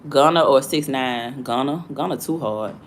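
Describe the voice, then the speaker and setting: A woman's voice: extremely low pitch, normal speed, slight background noise. A woman with a Southern accent from Alabama, hosting a casual livestream chat in a blunt, slangy, rambling way. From Alabama, USA. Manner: blunt, slangy and chatty, drifting between stories. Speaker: livestream host.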